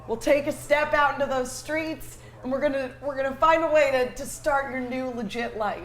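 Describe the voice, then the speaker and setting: Woman, tabletop player, upbeat, high voice, roomy sound. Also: moderate pace. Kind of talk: tabletop role-play.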